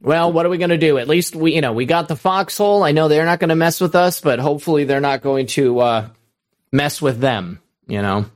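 A man's voice: fairly high pitch, brisk. A man hosting a live call-in stream, talking loosely with many fillers and restarts. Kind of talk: casual live-stream talk.

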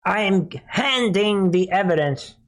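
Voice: medium pitch, lively intonation, unhurried, pitched above the performer's own voice, rough recording. A commentator doing a weepy mock-sobbing woman lawyer. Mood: whiny mock-sobbing. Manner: whiny, exaggerated, mocking. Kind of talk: mocking impression.

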